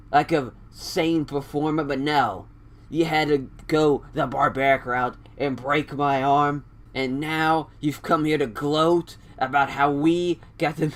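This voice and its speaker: A man voicing a furious, injured female wrestling executive who shouts angry accusations. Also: a little high.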